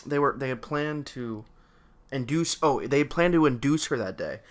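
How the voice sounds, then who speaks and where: A young man telling a story on a casual vlog, excitable and laughing, with many fillers. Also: medium pitch, moderate pace. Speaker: co-host telling a birth story.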